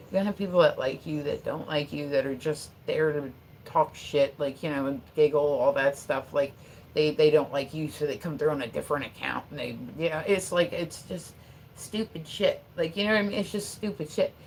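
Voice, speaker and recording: A woman's voice: low-pitched, slight background noise. A woman live streamer rambling casually at home, full of fillers and swearing. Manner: rambling, profane, many fillers. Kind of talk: casual livestream chat. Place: at home with her dog.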